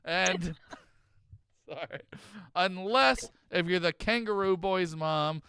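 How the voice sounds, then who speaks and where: Joking guy host w/ a bright crisp voice, dry close sound. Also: high-pitched, takes it slowly, dry recording. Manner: loud joking, laughs often. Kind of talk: casual recap commentary.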